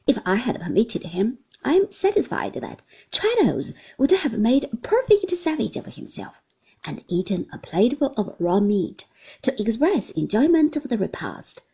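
A woman reading a classic novel aloud as an audiobook narrator, in an expressive, lilting way. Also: on the high side, moderate pace, slightly rough. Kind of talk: scripted narration.

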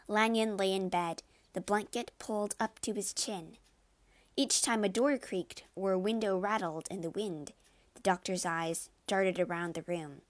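A woman narrating a classic story in a measured, expressive storybook reading. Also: fairly low pitch.

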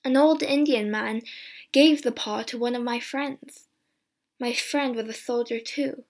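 A woman's voice: on the high side, steady tone, measured pace. Woman reading as a grave old soldier. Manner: earnest, cautionary. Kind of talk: storybook reading.

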